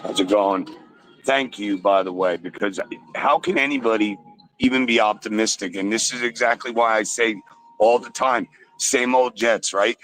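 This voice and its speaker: A man calling in to a sports talk show from a store, ranting angrily and loudly with plenty of swearing. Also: on the low side, normal speed, slight background noise, low-quality recording. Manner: angry, loud, swearing rant. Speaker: caller. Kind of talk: call-in sports radio rant.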